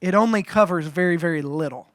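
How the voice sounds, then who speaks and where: A man's voice: on the high side, fast talker, fairly bright tone, no echo, clean studio sound, pitched below the performer's own voice, natural voice. Woman insurance agent, voiced by a male pastor, plain-spoken and matter-of-fact.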